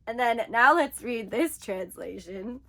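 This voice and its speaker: A woman's voice: a little high, unhurried, creaky. A woman vlogger ranting in casual chat, talking animatedly and saying "like" a lot. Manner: animated ranting, heavy use of "like". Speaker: book vlogger.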